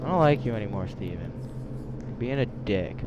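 Excitable young man swearing over gameplay. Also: fairly low pitch, moderate pace, dull audio, heavy background noise. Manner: excitable, swearing, whiny complaints at other players. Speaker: gamer. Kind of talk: live gameplay commentary.

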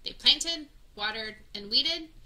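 Bright-voiced woman reading a picture book. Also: high voice, lively intonation, takes it slowly, rough recording. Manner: adds friendly teaching asides. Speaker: children's story reader.

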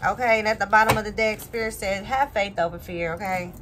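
A woman's voice: medium pitch, steady tone, fairly quick, noisy background. A woman giving a casual tarot reading, rambling and asking "okay?" again and again. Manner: rambling, repeats "okay?" often. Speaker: tarot reader.

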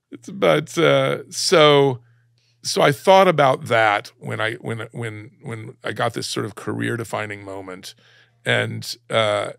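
A middle-aged man from Alabama, a guest telling a personal story in a halting way, close to tears, on a close podcast mic. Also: medium pitch, gravelly, a bit bright, no room sound. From Alabama, USA. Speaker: guest, cartoonist.

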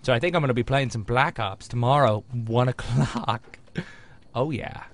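A young man gives let's play commentary on his gameplay, jokey and rambling with frequent exclamations. His voice is mid-range and moves at a moderate pace.

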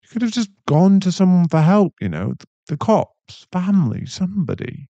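A young man in a whispered role-play, voicing a caring, protective boyfriend who speaks softly and reassuringly, with a gravelly voice. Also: fairly low pitch, expressive, no room sound, highs cut off, heavily acted. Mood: upset. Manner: soft, reassuring, slow-spoken. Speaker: ASMR voice actor.

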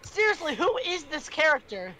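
A teenage girl reacts dramatically to a game in a very high, bright voice. Her pitch swings widely as she exclaims in horror or mock protest. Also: big pitch swings, moderate pace. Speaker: let's play co-player. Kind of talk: casual chat while playing a game.

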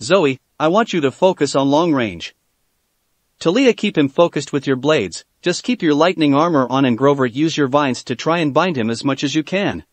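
A man's voice: on the high side, lively intonation, moderate pace, no room sound. A man voicing a confident young male ninja who gives orders in battle, read aloud from a fan story. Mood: commanding. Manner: commanding, direct.

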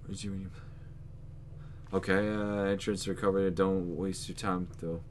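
A man hosting a gaming channel, giving let's play commentary with excitable, swearing outbursts. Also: sits low, moderate pace, slight background noise.

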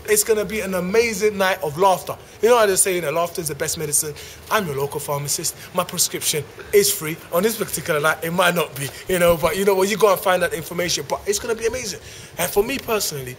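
A man's voice: fairly high pitch, a little hiss or hum. A man, a stand-up comedian riffing playfully and rambling through a promo to camera. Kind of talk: improvised comic promo to camera.

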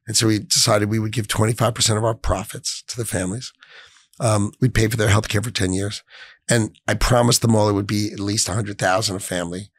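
A middle-aged man telling an emotional story in an interview, speaking emphatically and swinging between hushed and raised tones. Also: fairly low pitch, little pitch movement, brisk, husky, dry recording, studio quality. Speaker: finance executive, interview guest.

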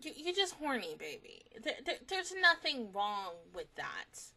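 A woman's voice: sits high, sing-song, a little slow, pushed and bright. A young adult woman giving casual anime reaction commentary, talking affectionately to the characters on screen.

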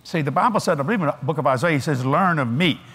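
An older man with a drawl preaches to a big convention crowd, his husky voice sitting a little high for a man. He swings his pitch up and down with great animation. He tells it folksy, with little laughs and asides. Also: lively intonation, racing, fairly bright tone. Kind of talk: sermon. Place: large convention hall.

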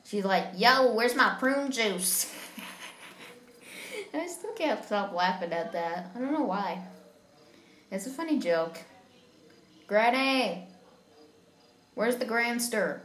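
A woman's voice: medium pitch, expressive, slow, pauses often, echoey room. A woman hosting a gaming channel, chatting and giggling to viewers as she plays through a horror game. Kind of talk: casual let's-play commentary.

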